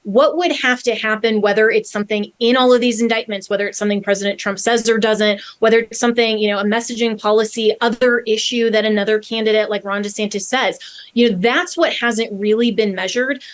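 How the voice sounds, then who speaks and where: A woman's voice: a little high, steady tone. Earnest woman hosting a political talk show. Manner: earnest, measured, with fillers and restarts. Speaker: host.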